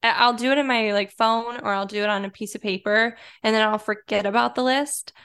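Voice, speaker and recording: A woman with a Detroit accent, a guest in a relaxed podcast chat, talking loosely with lots of "like" and "um". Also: a little high, fairly quick, clear, resonant tone. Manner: relaxed, chatty, filler-heavy with frequent likes and ums. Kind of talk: casual chat.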